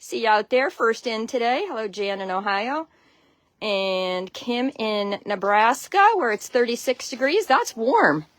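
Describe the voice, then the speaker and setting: A woman's voice: fairly high pitch, expressive, measured pace, dry recording. A woman from Connecticut with a Connecticut accent, hosting a casual live stream from her outdoor chicken run, greeting viewers by name and laughing often, on a phone she carries as she walks. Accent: Connecticut (American). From Connecticut, USA. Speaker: backyard chicken keeper, livestream host.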